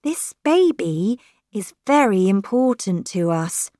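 Woman reader doing a guarded wife, clipped and cool, slow delivery. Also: medium pitch, big pitch swings, warm tone, dry recording, studio quality. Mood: firm. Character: tense pregnant stepgrandmother, guarded and polite.

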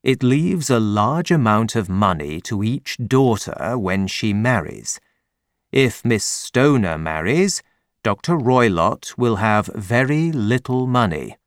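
A man as a calm, ironic detective. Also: lowish voice, slow pace, no echo, studio quality, exaggerated voice. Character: calm, clever male detective, dryly ironic.

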